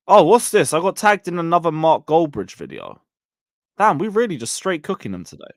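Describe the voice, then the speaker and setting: A man with a fairly high voice that bounces all over the place, talking on a live football stream. He reads super chats and trades mocking banter in an excitable rush. His voice sounds close and dry. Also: a little fast, no echo.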